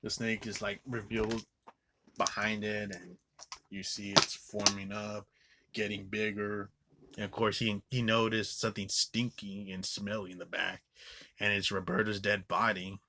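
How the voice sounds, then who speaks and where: A man giving a casual, rambling movie review, swearing a lot and filling every pause with filler words. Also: fairly low pitch, flat delivery, noisy background. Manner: rambling, profane, filler-heavy with frequent "like".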